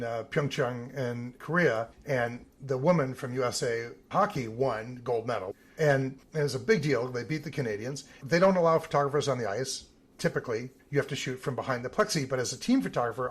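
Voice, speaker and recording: A man, an Olympic team photographer, telling lively stories in a podcast interview and acting out the voices of the people he quotes. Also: medium pitch, slightly rough. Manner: animated storyteller, acts out quoted voices.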